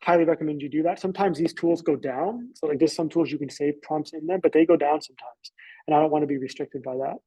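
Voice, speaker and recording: A man's voice: fairly high pitch, quick pace, mellow, slightly rough, no echo, poor audio. An American man presenting a webinar lesson in a casual, loose way, with many fillers and restarts.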